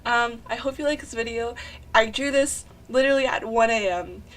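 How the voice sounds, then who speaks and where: A young woman talking over her drawing video, gushing and rambling excitedly with sighs and lots of "like". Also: a little high, normal speed. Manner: rambling and breathless, often saying "like". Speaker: artist narrating a drawing video. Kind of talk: casual chat voice-over.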